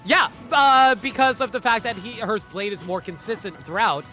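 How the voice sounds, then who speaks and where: A man with a high voice gives loose, casual esports commentary on a headset. His tone is bright and forward, and he jokes and laughs a lot. He often stops to fix his own wording. Faint music plays behind him. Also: normal speed. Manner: joking, laughs often, corrects himself mid-sentence.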